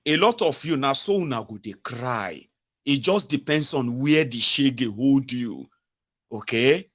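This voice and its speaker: A man's voice: mid-range voice, expressive, measured pace, fairly bright tone. A Nigerian man with a Pidgin English accent, giving sarcastic, exasperated political commentary. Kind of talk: ranting video commentary.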